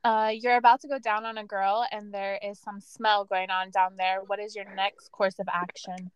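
A woman guest on a podcast reads out questions plainly, her voice smooth and clear. The sound is dry and close. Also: mid-range voice, little pitch movement, normal speed, dry recording. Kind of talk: casual podcast chat.

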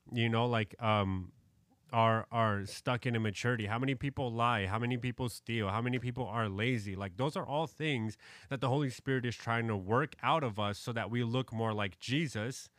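A man's voice: medium pitch, a bit bright, no room sound, clean studio sound. A man talking casually about faith on a podcast, loose and conversational with lots of fillers. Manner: conversational, many fillers like "you know, like".

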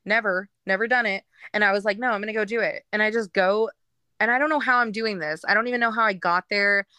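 Frank, bright-voiced woman telling her story. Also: medium pitch, fairly even intonation, fast talker, smooth, no echo. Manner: frank, rambling, with frequent fillers and laughs. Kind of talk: candid personal storytelling.

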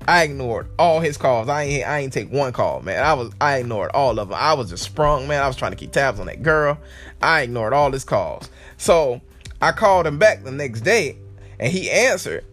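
A man's voice: fairly high pitch, fairly bright tone. A man casually telling a personal story as a podcast host, full of "like" and "man," laughing often.

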